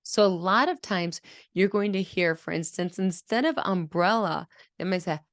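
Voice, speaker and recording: A woman speech-language pathologist explaining children's speech patterns in a clear, teaching manner and acting out sounds as examples. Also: fairly low pitch, moderate pace, no echo, clean studio sound. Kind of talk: teaching video lesson.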